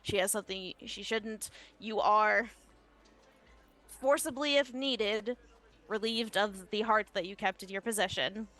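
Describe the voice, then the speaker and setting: A curt male thief, as a woman game master puts him on, snapping brisk orders at the guards. The voice stays near her own middle pitch but moves quickly and commandingly. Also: steady tone, sharp tone.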